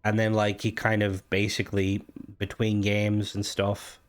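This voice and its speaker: A man's voice: lowish voice, monotone, unhurried. A young man giving casual gaming news commentary as a content creator, talking in a rambling way with frequent hesitations and restarts.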